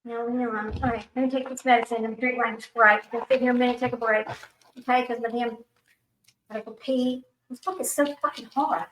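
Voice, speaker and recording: A woman's voice: fairly high pitch, steady tone, brisk, a bit bright, a little hiss or hum. A woman giving casual, rambling commentary at home, blunt and swearing, hot and sweaty as she talks to those around her. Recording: very echoey room, far from the mic.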